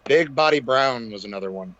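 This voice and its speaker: A man's voice: mid-range voice, lively intonation, fairly quick, a bit bright. Laid-back man on a dull lo-fi line. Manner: laid-back, swearing, calls people dude. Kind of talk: casual chat.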